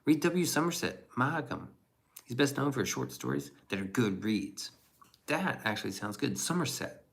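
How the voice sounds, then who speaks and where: A man's voice: medium pitch, sing-song, normal speed, gravelly. A man streaming casually and reacting to chat, rambling and profane with chuckling asides.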